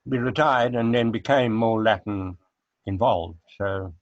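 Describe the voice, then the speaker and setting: An older man from South Africa talks in a low voice, casual and unhurried, drifting into memories with plenty of pauses and fillers. The sound is dry and close, but dull and lo-fi. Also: no echo. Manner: unhurried, reminiscing, hesitant with fillers. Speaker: guest. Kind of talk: casual interview chat. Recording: dull lo-fi recording.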